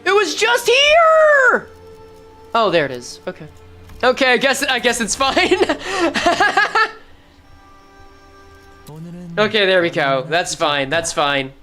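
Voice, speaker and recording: A woman's voice: medium pitch, wildly swooping pitch, slow, pauses often, sharp tone, faint music behind. A woman streamer giving casual gameplay commentary, thinking aloud and correcting herself as she goes. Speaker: game streamer.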